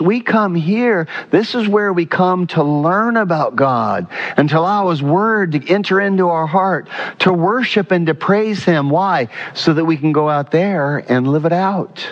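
A male pastor preaching a sermon in a church, animated and often quizzing the congregation. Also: high-pitched, unhurried, lo-fi sound. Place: church sanctuary.

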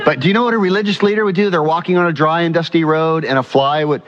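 A male pastor preaching a sermon in a church, animated and often quizzing the congregation. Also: fairly high pitch, quick pace, highs cut off. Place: church sanctuary.

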